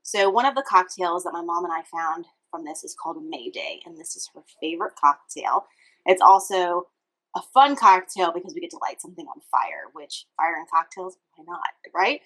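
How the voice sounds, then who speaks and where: A woman's voice: fairly low pitch, expressive, moderate pace, bright, forceful tone, rough recording. A young woman from Louisiana hosting a casual cocktail demonstration in a home kitchen, talking to the viewer in a chatty, upbeat way as she mixes. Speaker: cooking show host.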